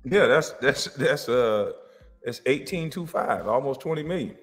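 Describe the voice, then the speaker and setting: Animated man reacting, echoey hall. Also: mid-range voice, a little slow, soft background music. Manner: animated, laughing, swings from loud to muttered. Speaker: reaction video host. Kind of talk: casual reaction commentary.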